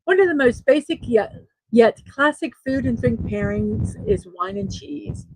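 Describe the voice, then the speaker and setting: A woman's voice: on the high side, animated, measured pace, husky, no room sound, rough recording. A middle-aged woman hosting a daily morning show, chatting casually and laughing at her own jokes. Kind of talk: casual solo show, reading memes aloud.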